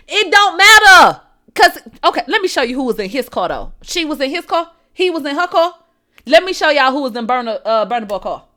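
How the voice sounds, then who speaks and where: A brash woman running a gossip livestream, her voice bright and cutting and sitting a little high. She is profane and quick to laugh, answers her chat, and drops from loud outbursts into low, muttered asides. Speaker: host of a celebrity gossip show. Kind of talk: livestream entertainment gossip commentary.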